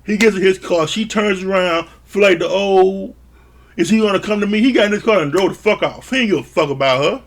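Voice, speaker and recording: A man's voice: sits high, brisk, hardly any pauses. A man recapping a reality show in a casual, blunt and profane way, sounding exasperated. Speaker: show reviewer.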